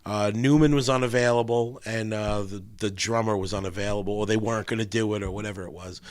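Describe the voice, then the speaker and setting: A man's voice: on the low side, steady tone, fast, no echo, clean studio sound. A man as a podcast guest, telling rambling, swear-laden stories and acting out what others said. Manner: rambling storyteller acting out quotes, swears freely. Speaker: guest guitarist. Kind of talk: casual podcast interview.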